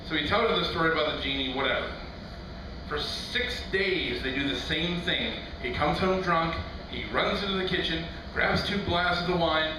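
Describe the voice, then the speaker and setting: A man's voice: a little high, normal speed. A man doing a stand-up routine in a loose, conversational way, full of fillers and acted-out quotes. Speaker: stand-up comedian. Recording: echoey room from far off, noisy.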